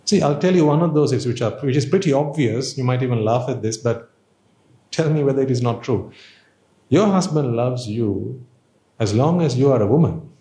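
Mellow-voiced man giving an informal teaching. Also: mid-range voice, lively intonation, moderate pace, echoey room. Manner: conversational, rhetorical questions, playful asides. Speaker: Buddhist teacher. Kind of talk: informal dharma talk.

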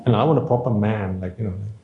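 A man's voice: on the low side, fast, echoey room, narrow, tinny audio, a little hiss or hum. A man giving an informal Buddhist dharma talk, conversational and playful, full of rhetorical questions. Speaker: Buddhist teacher.

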